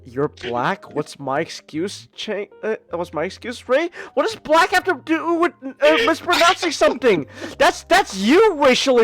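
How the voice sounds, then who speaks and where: A woman's voice: high-pitched, dry recording. A woman co-hosting a podcast in casual chat, flustered and defensive, stumbling over many restarts. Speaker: podcast co-host.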